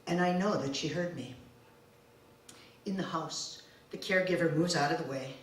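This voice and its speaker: A woman in her forties telling a personal story live on stage, slow, deliberate and emotional in the first person. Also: low-pitched, a little hiss or hum. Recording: very echoey room, distant mic, faint ambience.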